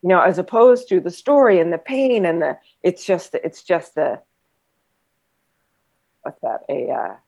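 A woman's voice: on the low side, animated, unhurried, gravelly, pauses often, a little mellow, poor audio. A woman in casual conversation, a former trauma nurse and body therapist who talks reflectively, rambling with many fillers.

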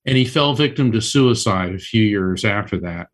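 Animated man telling a personal story. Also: fairly low pitch, normal speed. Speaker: psychic medium and author, guest and co-host. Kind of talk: personal storytelling in a radio interview.

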